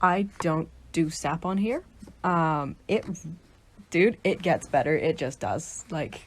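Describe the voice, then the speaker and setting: A woman's voice: low-pitched, expressive, slow, slight background noise. A woman in her twenties talking casually and emotionally to camera. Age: 20s. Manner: casual, emotional, says "dude". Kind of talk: casual vlog.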